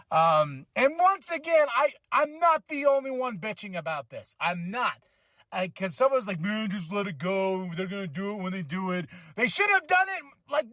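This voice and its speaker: Guy with a high bright voice doing a loose podcast recap, excitable, cusses a lot, dry close sound. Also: no echo. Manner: excitable, swears freely, laughs often. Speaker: podcast host. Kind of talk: casual wrestling show review.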